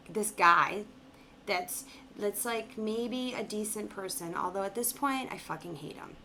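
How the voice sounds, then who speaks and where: Woman, bright tense voice, animated profane storyteller, slight background noise. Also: medium pitch, measured pace. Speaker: vlogger. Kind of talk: casual storytelling.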